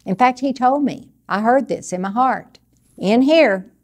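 An older woman giving a conversational sermon, teaching earnestly from personal experience in a steady, plain way. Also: on the high side, measured pace. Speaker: Bible teacher.

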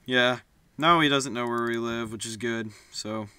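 Bright-voiced easygoing male gamer. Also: medium pitch, fairly even intonation, unhurried, clear, resonant tone, no echo. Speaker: gaming channel host. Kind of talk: casual gameplay commentary.

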